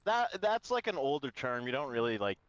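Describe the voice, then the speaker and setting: Rambling, animated male podcast co-host. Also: mid-range voice, brisk, no room sound. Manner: rambling, full of "like" and laughs. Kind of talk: casual chat. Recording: slightly dull lo-fi sound.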